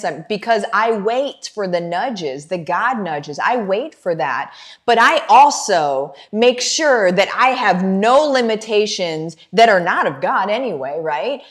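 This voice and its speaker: A middle-aged woman hosting a motivational livestream, talking fervently and directly to her viewers in a preachy way. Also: medium pitch. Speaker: business coach and livestream host.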